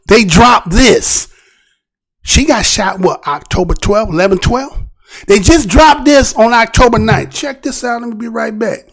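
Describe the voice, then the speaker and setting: High-voiced gravelly man giving commentary. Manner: rhetorical, repeatedly asks "right?"; animated, restarts and trailing phrases. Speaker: commentary show host. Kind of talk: casual news commentary.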